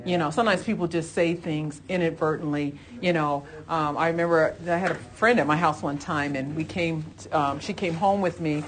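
A woman's voice: sits low, steady tone, moderate pace, few pauses. Fervent woman teaching a Bible lesson. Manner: fervent, emphatic, exclaims "Hallelujah" between points; conversational, asides, restarts mid-sentence.

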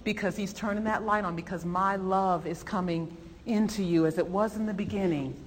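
A woman's voice: medium pitch, normal speed, slight background noise. Woman preacher delivering an emphatic sermon, recorded with long reverb in a hall. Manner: animated, emphatic, voices rising with feeling. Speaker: preacher teaching a Bible lesson.

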